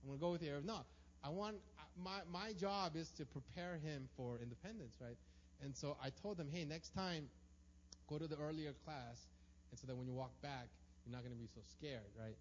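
A man's voice: a little high, moderate pace. Man preaching in an echoey hall. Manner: storytelling, conversational, keeps asking "right?". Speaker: pastor. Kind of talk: sermon. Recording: long hall reverb, dull lo-fi sound, faint hum.

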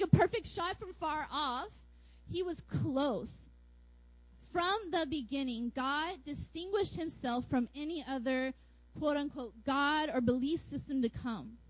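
A woman with a high voice preaches a sermon, playful and animated, slipping in jokes and little acted-out asides. The sound is dry and a little dull, with no room around it. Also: dry recording.

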